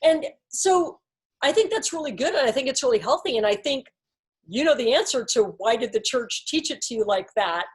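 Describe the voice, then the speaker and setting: Woman, fairly high voice, Bible study leader, casual, thoughtful, explains with examples. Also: expressive, fairly quick. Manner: thoughtful, explains with examples, uses "like" and "you know" often. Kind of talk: casual group discussion.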